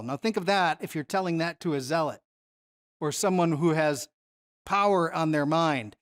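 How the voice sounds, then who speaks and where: A Bible teacher leading a Bible study lesson in a relaxed, conversational way, often stopping to put questions to the listeners. The voice sits at an ordinary middle pitch. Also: normal speed. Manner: conversational, asks the audience questions.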